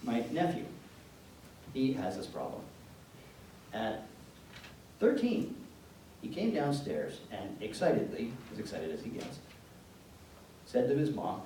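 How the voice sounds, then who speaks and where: A man giving an educational talk to parents, telling anecdotes in an animated, joking way. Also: medium pitch, slow pace, pauses often. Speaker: presenter speaking to parents. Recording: echoey room from far off, faint background noise.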